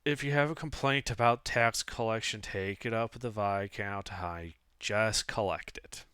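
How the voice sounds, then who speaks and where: Bored curt tax collector, brisk and dismissive, a man doing the voice, bright and forceful tone. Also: mid-range voice, clear, resonant tone, no room sound, clean studio sound.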